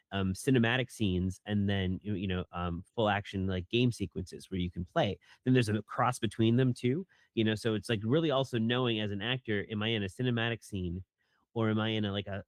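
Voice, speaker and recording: A man's voice: fairly low pitch, no room sound. A man, a voice director and actor, answering interview questions in a rambling, casual way with many fillers. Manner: rambling, many fillers, acts out line readings.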